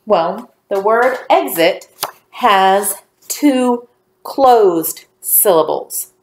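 A woman teacher giving a phonics lesson to young children, speaking slowly and clearly with encouraging praise. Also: medium pitch, animated, slight background noise. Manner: slow, clearly enunciated, encouraging.

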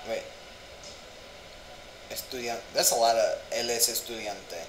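A young-sounding vlogger with a medium-pitched voice speaks at a measured pace in a steady tone for a casual language-learning vlog. He rambles and sounds words out aloud in an echoey room with a light hum.

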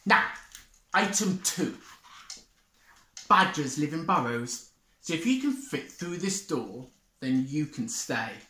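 A woman drag queen reading a children's picture book aloud in an expressive, theatrical way. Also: deep voice, takes it slowly, pauses often, reverberant. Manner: expressive, theatrical, swooping between whispers and loud calls. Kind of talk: children's story read-aloud.

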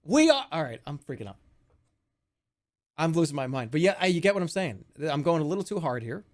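A man live-streaming, rambling excitedly and swearing freely in casual chat. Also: on the high side, fairly quick.

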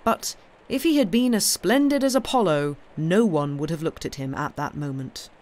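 A woman reading a classic detective story aloud in a steady storytelling voice. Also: lowish voice, normal speed. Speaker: reader.

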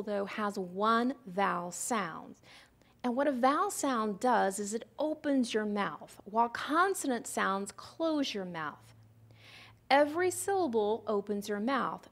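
Lively, patient woman teaching phonics. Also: fairly high pitch, gravelly. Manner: patient, explains step by step with questions to the listener. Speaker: literacy presenter. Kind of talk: recorded teaching lecture.

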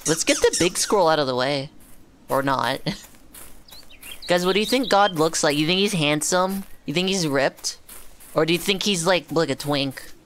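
Woman, streamer, casual gaming chat, profane jokes, lowish voice. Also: expressive, moderate pace, a bit bright, a little hiss or hum. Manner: profane, joking, talks to chat.

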